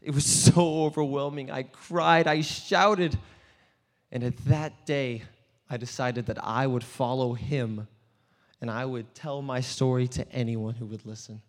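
An actor playing an earnest, desperate blind male beggar in a dramatic first-person monologue, swinging between hushed and loud storytelling. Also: medium pitch, fairly even intonation, unhurried, close to an everyday voice. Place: church hall. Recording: long church hall reverb.

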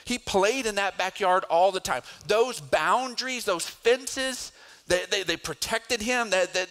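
Bright-voiced, high-pitched man preaching. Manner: storytelling, rising to emphatic preaching. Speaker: pastor. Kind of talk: sermon.

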